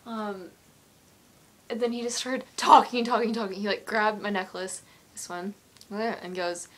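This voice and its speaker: A woman's voice: medium pitch, fairly even intonation, normal speed, fairly bright tone. A woman answering fan questions in a casual home vlog, rambling, giggling and apologizing as she gets emotional telling a story. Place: at home with her cat.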